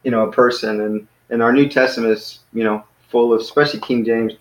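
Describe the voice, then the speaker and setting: A man teaching a small Greek class in a casual way, explaining step by step and patiently, with many pauses and fillers. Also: mid-range voice, fairly even intonation. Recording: echoey room.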